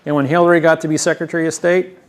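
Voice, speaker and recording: A man with a slightly raised pitch holds forth at a seminar, talking in a long, rambling lecture. He sounds emphatic and self-assured and leans hard on the words he wants to stress. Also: level tone, rapid-fire. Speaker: seminar presenter. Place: seminar room.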